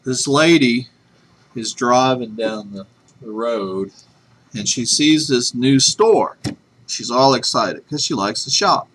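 A male teacher with a clear, bright, mid-pitched voice addresses his classroom. He chats easily and pokes fun at himself before getting into the lesson. A faint webcam hiss sits under the sound of the room. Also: slow. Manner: chatty, self-deprecating, tells a joke before the lesson. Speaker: math teacher.

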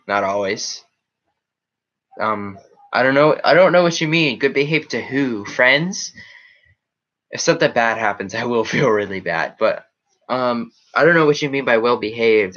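A man's voice: lowish voice, sharp tone, muffled recording. Rambling man with a slight Australian twang. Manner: rambling and hesitant, with many ums and restarts. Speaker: YouTuber. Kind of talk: casual chat, answering viewer questions.

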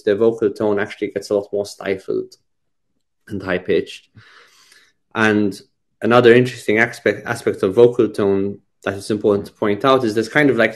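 A man giving a conversational teaching talk on medical communication, thoughtful, with frequent restarts and repeated words. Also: lowish voice. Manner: thoughtful, many restarts and repetitions. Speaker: psychiatry lecturer.

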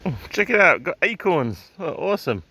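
A man's voice: a little high, sing-song, moderate pace, sharp tone, breathy edge, dry recording. A man with an English accent, chatting casually and rambling as he walks outdoors through gardens for a vlog, with the odd swear word. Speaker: vlogger. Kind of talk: casual walking-tour vlog. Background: faint outdoor ambience with distant garden machinery.

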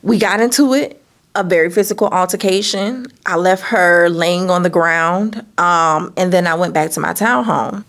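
Gravelly woman telling a dramatic story. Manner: animated, dramatic storytelling with asides to viewers; acts out quotes with sudden high-pitched bursts. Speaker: vlogger telling a personal story. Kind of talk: storytime vlog.

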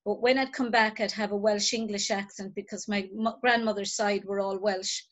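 A woman's voice: medium pitch, fairly even intonation, normal speed. A woman hosting an interview over a video call, chatty and telling anecdotes. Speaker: host.

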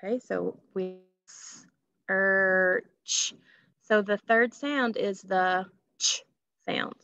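A woman's voice: medium pitch, slow, gravelly, fairly bright tone. A woman teaching a phonics lesson to children, patiently stretching out sounds and asking questions. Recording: dull lo-fi recording.

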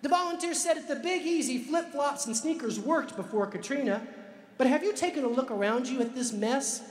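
A man telling a story to a live audience, slowing down for emphasis like a dramatic storyteller. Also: very high-pitched. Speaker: author and speaker. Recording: echoey hall with long reverb.

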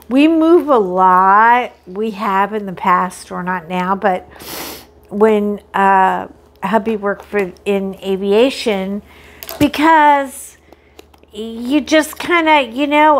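A middle-aged woman hosting a crafting vlog, chatting casually and excitedly while unboxing, often poking fun at herself. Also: mid-range voice. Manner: chatty, excitable, self-deprecating.

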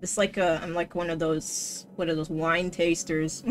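Speaking a little slowly with fairly even intonation, this low-pitched woman chats through her video game stream, veering between mock panic, cursing and sarcastic cheerfulness. Game music plays under her casual commentary, along with a slight hiss or hum.

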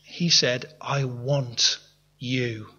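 Speaking extremely slowly, a pastor with a mid-range, sharp, slightly rough voice and fairly even intonation preaches in a church hall. He's earnest, repeatedly restarting his words and asking the congregation questions. The recording has a reverberant, dull, lo-fi sound.

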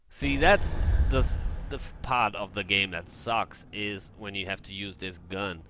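A man's voice: on the low side, slow pace, a bit bright, a little hiss or hum. A young man commentating his own gameplay, getting frustrated and exasperated, with some swearing. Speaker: let's play gamer. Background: game music.

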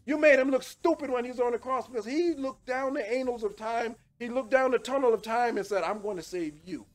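A man preaching a sermon with fervent, repetitive calls to repent, swinging from shouting to hushed pleading. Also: very high-pitched, steady tone, a little fast, faint music behind.

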